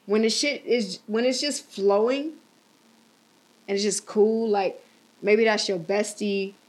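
A young woman hosting a podcast, chatting casually in an animated, rambling way, laughing often and swearing now and then. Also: medium pitch, takes it slowly. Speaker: podcast host. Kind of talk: casual chat.

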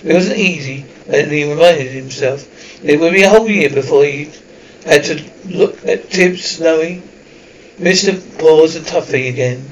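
A man's voice: a little high, moderate pace, lo-fi sound, a little hiss or hum. A man narrating an audiobook chapter, stumbling often and correcting himself mid-word. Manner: stumbling, frequent self-corrections. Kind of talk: audiobook reading.

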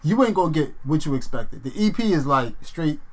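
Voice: medium pitch, big pitch swings, a little fast, a little mellow, poor audio. A podcast co-host in casual chat, laid-back and slangy, laughing often.

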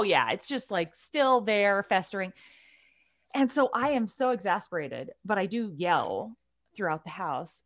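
A woman in her forties with a lowish voice tells a family story in casual chat. She's blunt and animated, swears freely, and keeps restarting her telling.

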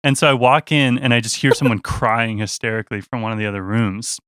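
A young man with a bright, forceful voice tells a tale in easy conversation. He acts out the people he quotes and laughs through the odd parts. The sound is dry and close. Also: medium pitch, brisk, smooth, no room sound. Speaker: touring musician guest. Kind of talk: casual storytelling.

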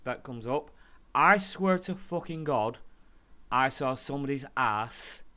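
A man co-hosting a podcast in casual chat, animated, laughing often and swearing freely. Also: medium pitch, a little slow. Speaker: podcast co-host.

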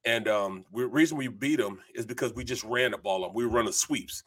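A middle-aged man who used to play on the line co-hosts sports talk, telling spirited, rambling stories stuffed with fillers. The medium-pitched voice is fairly quick and carries a breathy edge.

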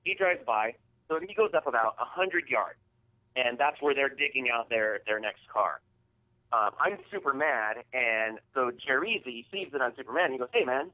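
A man's voice: mid-range voice, expressive, moderate pace. A man co-hosting a podcast, telling a heated, profane story in casual chat. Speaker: podcast co-host. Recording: tinny phone-like audio.

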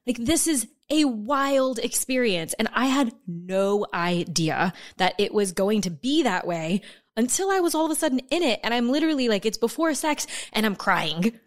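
A woman's voice: fairly high pitch, animated, moderate pace. A woman in her thirties hosting a podcast, speaking frankly and emphatically in candid conversation, swearing freely. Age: 30s. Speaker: podcast host.

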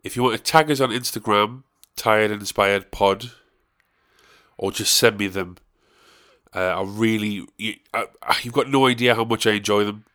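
A man's voice: on the low side, moderate pace, pushed and bright. A young man hosting his own podcast, giving a casual, rambling, self-deprecating solo introduction with jokes. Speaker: podcast host.

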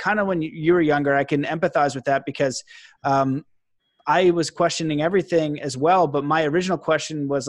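A fairly high-voiced man rambles with enthusiasm as he hosts a casual interview, stacking fillers and restarts as he goes. The sound is dry and close, with no room around it. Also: no room sound. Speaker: podcast host.

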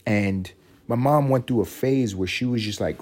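Alone on his podcast, a young man delivers a loose, profane comedic monologue, drifting between thoughts and now and then slipping into a shrill mock voice for effect. He talks at a normal speed in a darkish tone.

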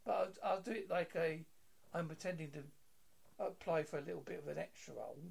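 A man's voice: on the high side, fast talker, creaky, breathy edge. A British man hosting an interview, chatting in a jokey, easygoing way with frequent stammered restarts. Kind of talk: casual interview chat.

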